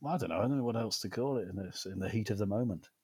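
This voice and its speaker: A man's voice: on the low side, very fast, dark tone, husky, dry recording. A man from the UK co-hosting a film podcast, talking in a sarcastic, laughing way. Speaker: podcast co-host. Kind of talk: casual chat.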